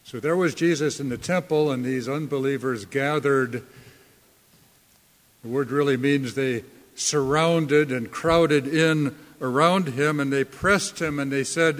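Man preaching a sermon real slow, punches key words, big echoey hall. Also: medium pitch. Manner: slow, deliberate preaching with emphatic stresses. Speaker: pastor. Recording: long reverb of a hall.

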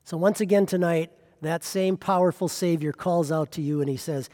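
A man's voice: on the high side, steady tone, moderate pace, few pauses, mellow, long reverb tail. A man preaching a sermon as pastor, pressing with rhetorical questions.

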